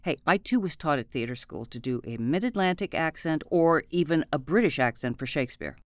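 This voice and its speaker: Smooth-voiced older American host. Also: male voice, a little high, expressive, a little fast, no room sound, clean studio sound. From United States. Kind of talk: conversational interview.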